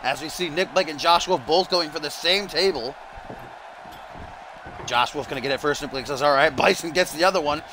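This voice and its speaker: A man's voice: a little high, brisk, noisy background. A man streaming live, doing playful mock-broadcast play-by-play commentary on a wrestling video game, with the odd swear.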